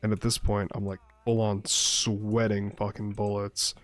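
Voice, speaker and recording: Laid-back, low-voiced profane gamer guy. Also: level tone, measured pace, dry recording, soft background music. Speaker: streamer playing a survival game. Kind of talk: casual gameplay chat and storytelling.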